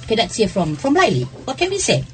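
A woman's voice: fairly high pitch, huge pitch swings, fast, faint music behind. A middle-aged woman, hosting a radio lesson, laughing often and checking in with "yeah?". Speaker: radio English lesson host. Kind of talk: teaching workplace English on radio.

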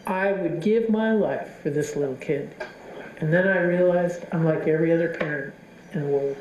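A woman's voice: lowish voice, darkish tone, slight background noise. A woman giving an impassioned public speech to an audience, telling stories earnestly as a Catholic advocacy speaker. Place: university lecture hall. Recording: echoey hall recording.

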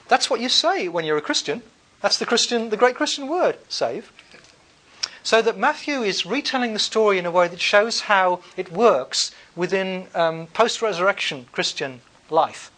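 High-voiced man lecturing a class. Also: pushed and bright. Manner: thinking aloud with frequent fillers and restarts.

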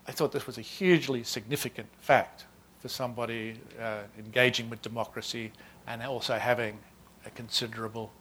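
A man in his sixties from Australia with an Australian accent, a novelist talking before a reading in a halting, self-deprecating way with many restarts. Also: medium pitch, fairly even intonation, a bit bright, a little hiss or hum. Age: 60s. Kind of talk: author talk before a reading.

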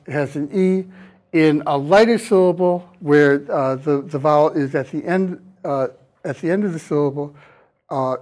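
In a classroom lecture, a male university lecturer with a fairly high, slightly mellow voice walks through material step by step, pronouncing example vowels and answering questions from students.

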